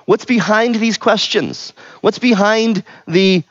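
A man's voice: high-pitched, big pitch swings, measured pace, no echo. Man preaching, asking the room questions. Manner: conversational, asks the room questions, frequent "right?". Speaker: pastor. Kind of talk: interactive sermon teaching. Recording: dull, lo-fi sound.

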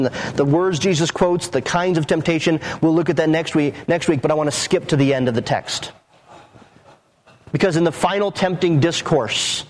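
A male pastor preaching a sermon emphatically, slowing and dropping low on key phrases, with occasional restarts. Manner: emphatic, with dramatic drops in pitch and occasional restarts.

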